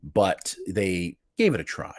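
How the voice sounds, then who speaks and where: Male podcast host, low and lively, teasing, dry close mic. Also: slow pace, no echo. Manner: animated and teasing, leading the show. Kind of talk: casual chat.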